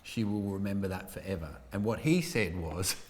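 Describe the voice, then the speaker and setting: A man's voice: deep voice, normal speed, darkish tone, slight background noise. A man, a comedian, teasing his friend and laughing often in casual chat. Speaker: comedian podcast co-host.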